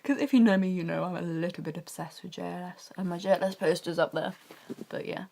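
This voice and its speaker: A young woman gushing about a TV drama in a rambling, chatty fan vlog, talking quietly from her bedroom. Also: lowish voice, fast talker, vocal fry. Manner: speaking quietly. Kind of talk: casual TV review vlog. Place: bedroom at home.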